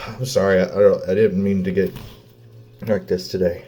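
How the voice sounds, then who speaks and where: A man's voice: sits low, flat delivery, a little mellow. A man, a father venting in a personal vlog, blunt and swearing, close to tears. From Oklahoma. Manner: blunt, heavy swearing, halting pauses. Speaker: vlogger, father.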